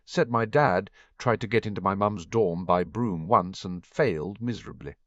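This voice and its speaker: A man's voice: on the low side, moderate pace, no echo, close to an everyday voice. A man voicing a sincere, apologetic teenage boy in a fan-fiction audiobook. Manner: sincere, earnest. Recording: dull, muffled dry recording.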